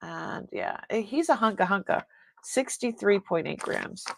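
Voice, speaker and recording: A woman's voice: medium pitch, animated, measured pace, vocal fry, a bit bright. A woman hosting a live online jewelry sale, chatting casually with viewers and rambling, often breaking off mid-sentence. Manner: chats with viewers reading comments.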